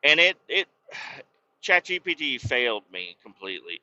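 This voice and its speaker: A man hosts a podcast and tells his story in a loose, rambling way, with a lot of swearing. His voice is very bright and cutting. The recording sounds dull and lo-fi. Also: a little high, very animated, normal speed, gravelly. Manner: profane, storytelling, worked-up. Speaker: podcast host. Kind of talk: casual rambling monologue.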